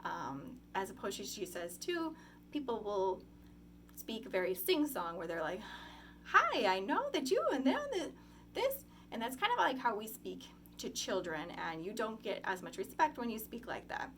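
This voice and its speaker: Young woman doing a class presentation, relaxed and chatty, lots of um and like, faint hum. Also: mid-range voice, normal speed. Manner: casual, many ums and likes. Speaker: student presenter.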